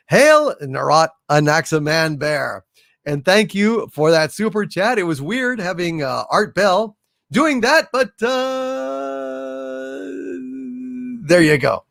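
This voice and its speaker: Lively, slow-talking male stream host. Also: a little high, dry recording, studio quality. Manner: chatty and appreciative, thanks viewers warmly and often. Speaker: livestream host. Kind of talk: casual livestream chat, reading viewer messages aloud.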